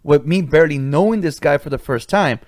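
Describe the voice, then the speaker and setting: A man's voice: fairly high pitch, lively intonation, a little fast, darkish tone, no room sound, studio quality. A man hosting a podcast, telling a cocky work story in a casual, profane way. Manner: profane, swaggering anecdote-telling. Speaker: podcast host.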